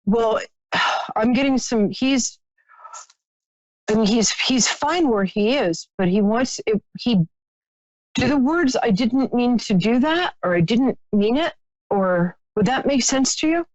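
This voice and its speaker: A woman's voice: fairly high pitch, expressive, slow, darkish tone, no room sound, muffled recording. A woman hosting a live stream, chatting sympathetically with a caller as she gives a psychic reading, with many fillers and restarts.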